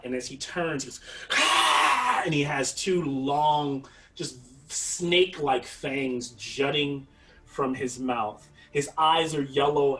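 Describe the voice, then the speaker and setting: A man runs a tabletop game, narrating in a halting, rambling way and mimicking clangs and yells. His pitch is ordinary. He sounds a little away from the microphone. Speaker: game master. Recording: voice somewhat far from the mic.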